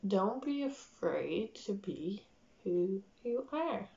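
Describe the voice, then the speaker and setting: A woman in her twenties vlogs in a loose, rambling way, full of filler words and animated asides. Her voice sits at a mid pitch. The sound is a little dull and echoes off the room. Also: slow, creaky. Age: 20s. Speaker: vlogger. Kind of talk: casual storytelling to camera. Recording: roomy, slightly dull home recording.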